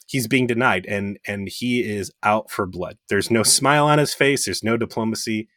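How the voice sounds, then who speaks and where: A man's voice: lowish voice, moderate pace, a bit bright, dry recording, studio quality. A man co-hosting a podcast, recapping a TV episode in rambling, profane, joking casual chat. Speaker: podcast co-host.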